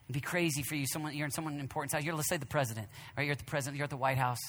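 A man preaches a sermon, repeating his phrases and swinging between ringing declarations and near-whispers. His voice sits fairly high and pushes hard with a tense, bright edge. A long reverb trails each phrase. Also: fairly even intonation, rapid-fire.

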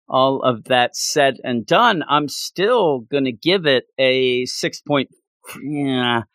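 A man's voice: mid-range voice, a bit bright, dry recording, studio quality. A man hosting a comics podcast, reviewing issues in a loose, jokey, late-night goofy way.

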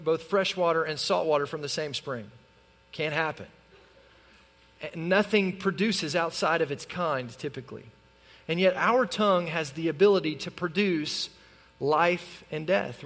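A male pastor preaching an animated sermon in a church, acting out the lines he quotes. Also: fairly high pitch, moderate pace, creaky. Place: church sanctuary. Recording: long reverb of a large hall.

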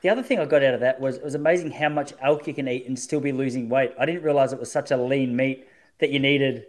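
A man's voice: medium pitch, fairly even intonation, fast. A man, hosting a casual chat and telling self-mocking stories. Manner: chatty storyteller, self-mocking.

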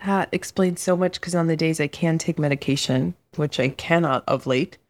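A woman talking candidly in a casual chat, expressive and quick to slip into voices as she tells a story. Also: low-pitched.

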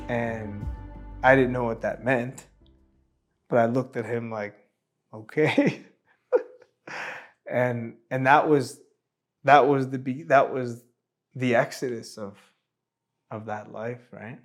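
A man's voice: medium pitch, steady tone, slow, long pauses, soft background music. A man from El Salvador telling his own life story in an interview, acting out the dialogue he quotes, with frequent restarts. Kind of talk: personal testimony in an interview.

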